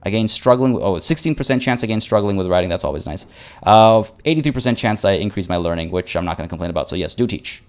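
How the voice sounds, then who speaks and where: A man's voice: on the low side, animated, fast talker. Playful stammering male game streamer. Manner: playful and chatty, stammers and repeats words; reads game event text aloud and jokes with chat. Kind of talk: live-stream gameplay commentary.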